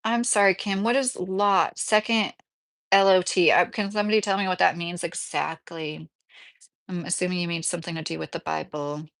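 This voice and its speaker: Her lowish voice is gravelly and fairly bright, steady in tone and moderately paced. She's a woman in her late thirties livestreaming casually from indoors in a mobile home, reading chat comments aloud and laughing often.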